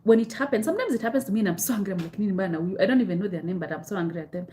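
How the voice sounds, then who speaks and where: A young woman with a Kenyan accent talks to viewers on a live stream in a candid, chatty way. She answers their comments, keeps coming back to the same advice and slips Swahili phrases into her speech. Her pitch sits in the middle range. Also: lively intonation, very fast, warm tone, a little hiss or hum. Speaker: host of a live self-help session.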